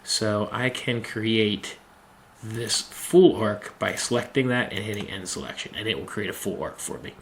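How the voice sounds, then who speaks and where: A man giving a screen-recorded machining software tutorial, talking slowly and methodically and thinking aloud with frequent ums. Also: on the low side, a little hiss or hum. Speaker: machining instructor.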